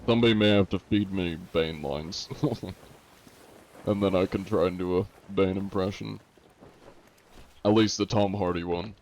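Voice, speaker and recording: A young man chatting casually on a live stream, reading chat and answering in a relaxed way. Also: low voice, a little slow, pauses often. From United States.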